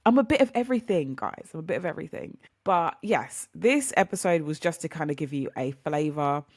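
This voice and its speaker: A woman's voice: low-pitched, lively intonation, brisk, darkish tone, no room sound, studio quality. A young woman hosting a podcast, talking casually and motivationally, chatty and rambling, often speaking straight to her listeners. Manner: chatty, rambling, upbeat, addresses listeners as guys. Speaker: podcast host.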